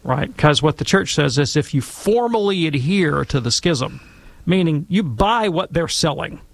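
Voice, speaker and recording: A man answering listener questions on a call-in radio show, talking in long discursive asides with animated storytelling. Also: on the high side, measured pace, gravelly, no echo. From Alabama, US. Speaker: Catholic apologist guest expert. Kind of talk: conversational radio Q&A.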